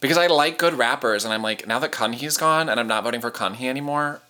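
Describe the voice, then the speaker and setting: A man's voice: medium pitch, fast. A man hosting and producing a podcast, chatting casually and gushing like a fan, with lots of "like"s. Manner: gushing, animated fan talk with many "like"s. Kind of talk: casual chat.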